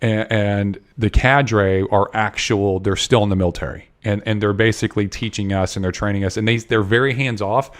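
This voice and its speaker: A man's voice: lowish voice, fairly even intonation, moderate pace, hardly any pauses. A man as a podcast guest, telling a story in an earnest, rambling way full of restarts and repeated words. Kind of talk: casual storytelling interview.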